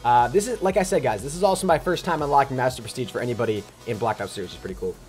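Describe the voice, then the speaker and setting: A young man live-streaming a video game, greeting viewers by name in rapid casual shoutouts and chatting about his plans. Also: mid-range voice. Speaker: livestreamer. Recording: faint music behind.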